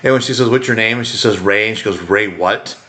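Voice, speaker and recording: A podcast co-host rambles through casual chat in an animated way, acting out quotes as he goes. He speaks very fast in a lowish voice.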